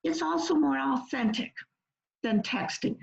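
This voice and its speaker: A woman's voice: high-pitched, unhurried, gravelly, lo-fi sound. A woman presenting an online workshop, explaining things earnestly and step by step. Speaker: webinar presenter on peer support.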